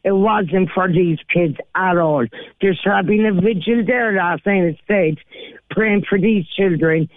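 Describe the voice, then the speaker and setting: A woman's voice: medium pitch, measured pace, no room sound. An Irish woman calling into a radio show, talking indignantly in a casual way, with lots of "like"s. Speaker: caller. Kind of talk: phone-in call. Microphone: telephone. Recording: tinny phone line.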